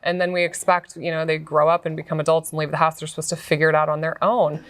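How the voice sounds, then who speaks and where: A woman's voice: deep voice, level tone, quick pace. A woman in her thirties hosting a podcast, chatting and explaining her views in a casual interview. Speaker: podcast host, physician.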